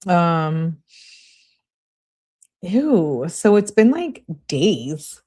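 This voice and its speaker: A woman's voice: fairly low pitch, very animated, extremely slow, darkish tone. A woman hosting a live stream who gives casual commentary with sarcastic, mocking asides. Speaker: livestream host.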